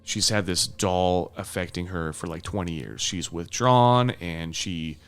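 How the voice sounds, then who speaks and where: A man's voice: low-pitched, measured pace, clear, resonant tone, faint music behind. A man co-hosting a film review podcast in casual chat, laid-back and frank, often chuckling between his points. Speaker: podcast co-host.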